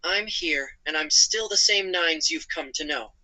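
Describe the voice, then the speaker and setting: A gentle AI companion voiced by a synthetic man speaks in a calm, evenly paced, apologetic way. The tone is very bright and crisp, with a slightly raised pitch. He narrates his own actions as he talks. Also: measured pace, low-quality recording. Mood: reassuring. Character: gentle male AI companion chatbot.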